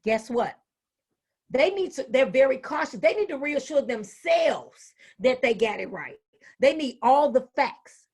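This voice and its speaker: A woman in her fifties, a retired school administrator, giving an animated, folksy talk to educators. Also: high voice, a little slow, husky. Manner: animated, folksy, acts out quoted voices. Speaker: educational speaker. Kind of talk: motivational talk.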